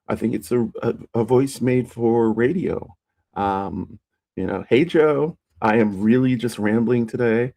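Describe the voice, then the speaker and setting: Slow, mellow live streamer. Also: creaky. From United States. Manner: rambling, with many fillers and restarts; plays with raising the pitch of the voice. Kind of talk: casual solo live-stream chat.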